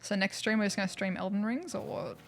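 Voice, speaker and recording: Gravelly-voiced woman streaming a game. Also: mid-range voice, fast talker. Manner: chatty, thanks viewers, wry asides. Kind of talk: casual livestream commentary.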